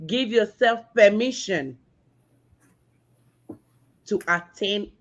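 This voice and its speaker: A woman giving a slow, encouraging motivational message that repeats its key words, over lo-fi call audio. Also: medium pitch, lively intonation. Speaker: guest speaker. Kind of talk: motivational talk.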